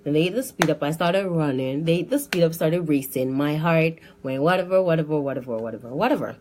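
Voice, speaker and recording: A woman giving a personal testimony in a lively storytelling way, often restarting her sentences and acting out what others said. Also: deep voice, quick pace.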